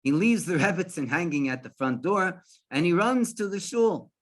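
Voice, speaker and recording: A man, a rabbi, telling a religious story in an animated way with frequent restarts. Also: sits high, moderate pace.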